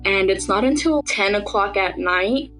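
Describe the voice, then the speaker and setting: A woman's voice: medium pitch, animated, measured pace, a bit bright, soft background music, poor audio. A young woman, a podcast interviewee, recounts her own experience in a casual, conversational way, often saying "like". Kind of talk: personal storytelling in an interview.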